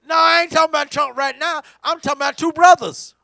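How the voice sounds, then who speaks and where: A man preaching a sermon in church, swinging from hushed talk to shouting, repeating words for emphasis. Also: very high-pitched, fairly even intonation, quick pace, creaky, dry recording. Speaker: pastor. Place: church sanctuary.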